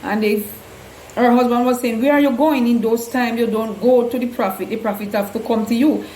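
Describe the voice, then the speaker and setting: A woman's voice: on the high side, steady tone, normal speed, warm tone. A woman earnestly retelling Bible stories in loose, non-standard grammar, with an echo around her voice. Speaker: host, Bible storyteller. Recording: echoey room with faint hum.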